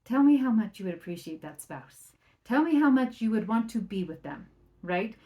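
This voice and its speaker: A woman's voice: on the high side, lively intonation, normal speed, muffled recording. A woman parenting coach talking on her solo podcast in a conversational way, often checking in with "right?". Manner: acts out quoted remarks in a livelier or softer voice.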